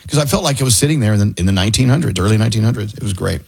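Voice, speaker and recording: A man's voice: fairly low pitch, animated, racing, creaky, a little mellow, husky, dry recording. A man from Texas hosting a radio show, chatting casually and laughing easily. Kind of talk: casual on-air chat.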